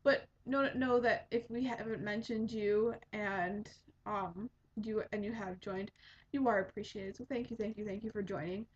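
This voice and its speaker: With a steady mid-range voice and moderate pace, a woman in her twenties hosts a casual podcast, rambling and chatting with lots of ums. Her dull lo-fi home recording carries slight background noise.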